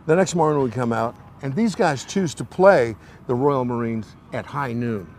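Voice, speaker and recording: A man's voice: medium pitch, moderate pace, a little hiss or hum. A middle-aged man telling a story in a casual interview, acting out the voices of the people in it. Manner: animated anecdote teller, acts out quoted voices. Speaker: interview guest.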